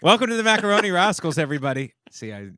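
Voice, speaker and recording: Bright-voiced teasing podcast host. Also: male voice, high-pitched, big pitch swings, clear, resonant tone, dry recording, studio quality. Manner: teasing, playful, quick to laugh. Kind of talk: casual comedy banter.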